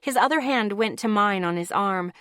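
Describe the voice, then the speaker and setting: A woman's voice: mid-range voice, normal speed, a bit bright, dry recording, studio quality. A woman reading a first-person audiobook in a casual, lightly wry tone. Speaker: audiobook narrator.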